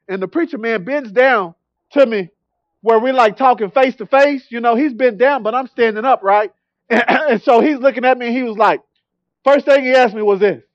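A man with a very high voice preaches in a church, telling his own story in an animated way and often repeating words. The sound is dry and a little dull. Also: dry recording. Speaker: guest preacher. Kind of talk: sermon with personal testimony.

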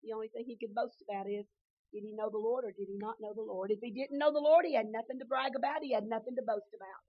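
A woman preacher telling stories in a sermon, dropping to a hush and then rising to shouts. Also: on the high side, fairly even intonation, quick pace, dry recording, dull audio. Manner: storytelling that swings from hushed to shouting.

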